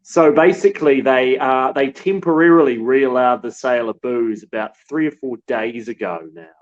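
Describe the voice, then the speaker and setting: A man from New Zealand, a war correspondent, telling stories in a relaxed, halting way. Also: medium pitch, dull audio. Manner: relaxed storytelling with many restarts. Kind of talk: casual remote interview.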